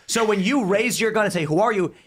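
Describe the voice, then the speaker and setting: A man's voice: high-pitched, fast, heavy background noise. A man hosting a political panel podcast, talking through hypotheticals and acting out the voices in them. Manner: animated, acts out voices in hypotheticals. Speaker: podcast host.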